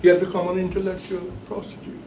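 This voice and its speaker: A man giving a classroom lecture as the professor leading a course, talking deliberately and emphatically and repeating his key points. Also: sits high, monotone, warm tone, a little hiss or hum. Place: bookstore cafe classroom. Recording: echoey room, mic at a distance.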